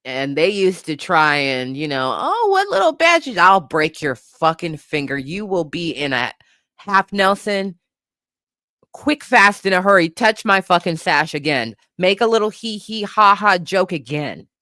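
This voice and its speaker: A woman co-hosting a podcast, ranting in a profane, animated way and laughing often. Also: lowish voice, measured pace, no room sound, studio quality. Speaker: podcast co-host. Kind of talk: casual comedic commentary.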